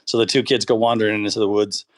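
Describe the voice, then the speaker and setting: A man calling in to a show, chatting casually and rambling with warm thanks. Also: lowish voice, little pitch movement, fast. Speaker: caller. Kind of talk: casual call-in chat.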